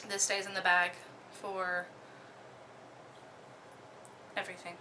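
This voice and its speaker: A young woman from Oklahoma casually talking through her disc golf bag, relaxed, with many ums and the odd giggle. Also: fairly low pitch, brisk, a little hiss or hum. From Oklahoma, USA. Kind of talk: casual show-and-tell.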